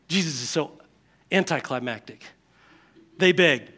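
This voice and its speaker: High, bright-voiced animated preacher man. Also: normal speed, pauses often. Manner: animated storytelling, acting out scenes with sudden shifts in volume. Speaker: pastor. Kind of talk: sermon.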